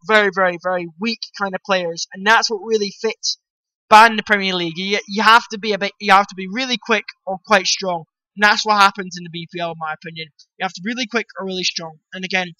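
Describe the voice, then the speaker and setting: A man's voice: sits high, pushed and bright, no echo, poor audio. A man vlogging casual football commentary, rambling and opinionated, talking straight to his viewers.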